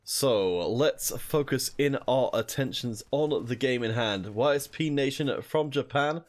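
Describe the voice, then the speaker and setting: A man's voice: mid-range voice, unhurried. A young man casting a mobile shooter tournament alone, chatting with viewers in between plays. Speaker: esports caster. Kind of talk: solo esports commentary reading chat.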